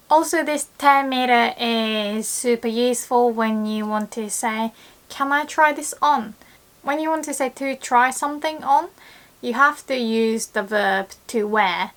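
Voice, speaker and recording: A young woman teaching a lesson, often laughing and acting out quoted lines in a lively way. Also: fairly high pitch, a little slow. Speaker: Japanese language teacher. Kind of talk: online language lesson.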